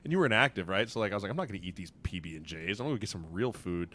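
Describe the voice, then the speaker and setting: A man, a former pro football player, telling relaxed, chuckling stories in a casual podcast chat. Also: lowish voice, very fast. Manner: laid-back storyteller, chuckles through his tales.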